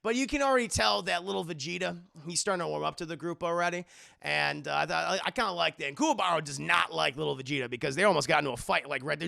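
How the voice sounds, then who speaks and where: Gravelly, high-voiced man recapping an episode. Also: quick pace, pushed and bright. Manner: loose and profane, acting out the scenes. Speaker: show reviewer. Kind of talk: casual streamed episode recap.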